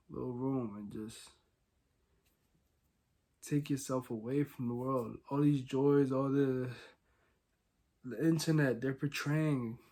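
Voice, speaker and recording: A young man hosting a solo podcast, talking casually and candidly, rambling with many fillers and swinging between quiet and loud. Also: medium pitch. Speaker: podcast host.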